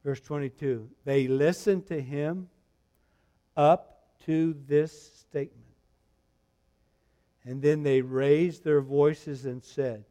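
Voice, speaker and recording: A man preaching a verse-by-verse sermon, swinging between loud, animated retelling and quiet, reflective reading, with restarts as he tells the story. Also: on the high side, slow pace, long pauses. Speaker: pastor. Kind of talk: expository sermon.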